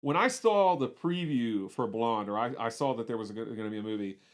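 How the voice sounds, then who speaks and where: A man's voice: medium pitch, a little fast. Rambling man co-hosting a movie podcast. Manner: rambling, repeats words, frequent restarts. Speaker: podcast co-host. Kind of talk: casual movie discussion.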